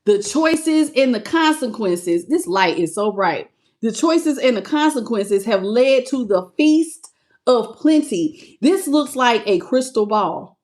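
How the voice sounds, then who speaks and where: A woman reading tarot cards live on her channel, greeting viewers by name and calling them baby with animated excitement. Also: fairly high pitch, takes it slowly. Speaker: tarot reader.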